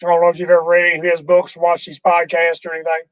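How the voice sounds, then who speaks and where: A man's voice: fairly high pitch, monotone, very fast, fairly bright tone, no echo, low-quality recording. A man hosting a podcast in casual chat, telling a self-deprecating story with small chuckles. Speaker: podcast host.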